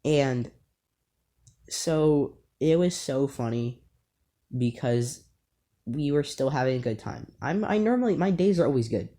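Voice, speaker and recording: A man's voice: mid-range voice, expressive, measured pace, long pauses, dark tone. Young male vlogger, casual storyteller, rambling, filler-heavy, amused. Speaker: YouTuber.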